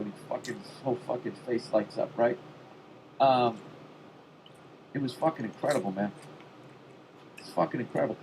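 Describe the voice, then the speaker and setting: A man's voice: mid-range voice, fairly quick, pauses often, noisy background. A man hosting a podcast, telling a casual comedic story full of swearing and building up steam as he goes. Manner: profane, animated storytelling. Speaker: podcast host.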